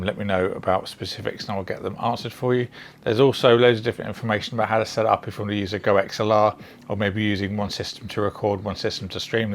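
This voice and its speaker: A man's voice: fairly low pitch, a little hiss or hum. Chatty British man reviewing tech gear. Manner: relaxed, chatty, sprinkled with ums and likes. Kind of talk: casual product overview.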